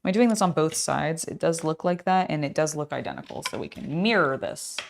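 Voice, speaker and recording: A tired young woman chatting casually on a live stream while building, scattered and excitable. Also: low voice, brisk, vocal fry, a little hiss or hum. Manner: scattered, excitable, self-talking. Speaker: streamer building a LEGO set.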